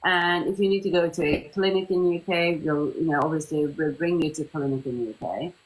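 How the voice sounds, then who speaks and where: Casting: middle-aged woman, company head hosting a live stream, chatty and animated, lowish voice. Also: brisk, low-quality recording. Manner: chatty, lively storytelling with quoted voices. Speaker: CEO of a medical tourism company, host.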